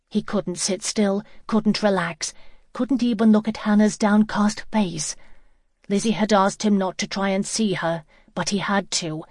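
A medium-pitched woman reads a novel as an audiobook narrator, scripted and steady in an even storytelling style. The recording is echo-free and studio quality.

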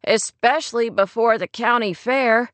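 A woman voicing an excitable, cheeky teenage boy, speaking high and eager. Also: a little slow, no echo. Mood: excited.

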